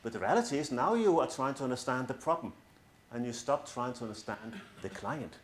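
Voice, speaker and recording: Middle-aged man, coach giving a talk, earnest, persuasive, mid-pitched voice, echoey room. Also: animated, fairly quick, slight background noise. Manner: earnest, persuasive, with light self-mocking humor. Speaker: coach and speaker. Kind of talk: presentation to an audience. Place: large room in front of an audience.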